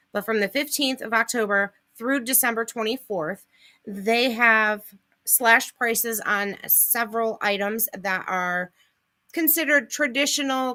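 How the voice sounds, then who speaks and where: A middle-aged woman with a bright, forward voice talks casually on a livestream. She rambles through a list of deals in a chatty way and stops to answer viewers. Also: mid-range voice. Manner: chatty, reads off items and answers comments. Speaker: host of a couponing livestream.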